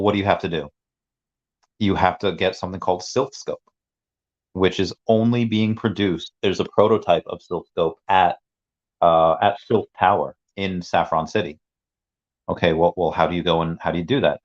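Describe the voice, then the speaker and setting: Deep-voiced rambling male streamer. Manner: rambling, with restarts and asides to chat. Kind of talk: casual livestream storytelling. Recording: dull lo-fi sound.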